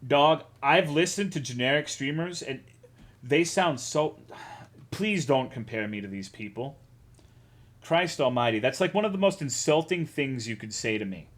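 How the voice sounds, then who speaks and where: A man's voice: medium pitch, expressive, moderate pace. A man from Texas streaming, chatting casually and answering his chat in a rambling, profane, self-deprecating way. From Texas, USA.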